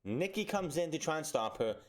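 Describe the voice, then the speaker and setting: A man's voice: a little high, big pitch swings, brisk. A man reviewing a wrestling show in a casual, exasperated, sarcastic rant full of restarts.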